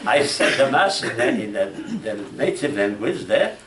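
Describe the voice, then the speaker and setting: A man from France with a French accent, giving a classroom lecture on logic, speaking haltingly with restarts and asking "huh?" and "you know?". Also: mid-range voice, big pitch swings, a bit bright. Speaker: logic instructor. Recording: echoey room from far off, faint noise.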